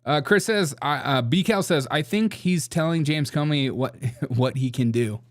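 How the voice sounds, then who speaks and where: A man's voice: mid-range voice, moderate pace. Male host, casual sarcastic commentary, laughs a lot between remarks. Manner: sarcastic, laughs often while talking. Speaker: political commentary show host.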